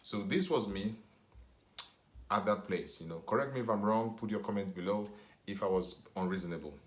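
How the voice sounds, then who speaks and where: A man from Nigeria with a Nigerian accent, casually telling a rambling, animated story to camera and leaning on "you know". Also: fairly low pitch, moderate pace, reverberant. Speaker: vlogger.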